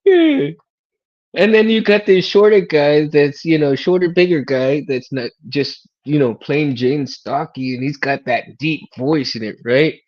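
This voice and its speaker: A man's voice: a little high, measured pace, hardly any pauses, dull audio. A man hosting a casual chat, rambling, repeating his words and laughing often. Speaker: host.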